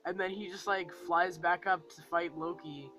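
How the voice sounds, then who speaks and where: A man's voice: high voice, fairly even intonation, normal speed, music in the background, rough recording. A man giving a casual, rambling movie review, full of fillers and acting out lines from the film.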